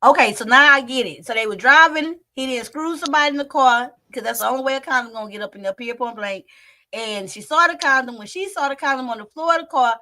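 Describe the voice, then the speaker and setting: A woman with a high, bright voice reacts to a storytime video in casual chat. She talks in an animated, chatty way and reads out viewer comments between clips. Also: quick pace, no echo.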